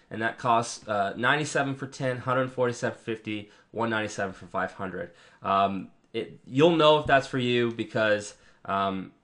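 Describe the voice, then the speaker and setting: A man giving a casual, rambling review of marketing software while clicking through it on screen, with frequent ums and restarts. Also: medium pitch. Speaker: product reviewer.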